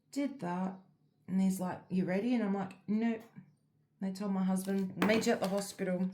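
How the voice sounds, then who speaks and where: A middle-aged Australian woman chats casually as a crafting vlogger, talking in a rather low voice. She rambles through her story with plenty of fillers. A faint hiss with small clicks sits under the recording. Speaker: diamond art vlogger. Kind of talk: casual chat while crafting.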